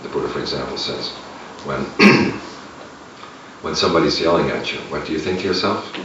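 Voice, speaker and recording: A man, a meditation teacher, giving a relaxed, conversational dharma talk and chuckling at his own asides. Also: rumbling low, moderate pace. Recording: echoey room, distant mic, lo-fi with noise.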